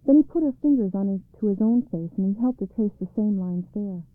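A woman narrating a storybook in a calm, measured read-aloud way, on a tinny recording. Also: mid-range voice, no echo, faint music behind. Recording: dry, tinny phone-like sound.

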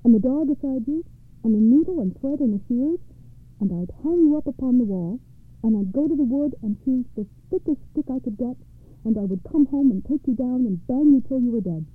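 Brief: plucky young heroine, defiant and sharp, read by a woman, phone-like audio. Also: high voice, expressive, brisk. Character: clever bold young girl heroine.

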